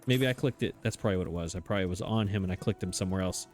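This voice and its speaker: A man's voice: low-pitched, very fast, over music. A man giving casual, self-mocking commentary as he plays a game, chatting and laughing at himself as he goes. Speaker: let's play host.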